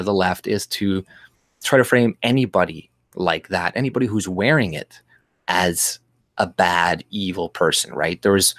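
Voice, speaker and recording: A man with a deep, low-pitched voice rants on a political livestream. He rambles and sounds scornful and mocking as he reads the chat. The sound is dry and close, with little room in it. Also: fairly bright tone, no room sound. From Canada. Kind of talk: ranting livestream commentary.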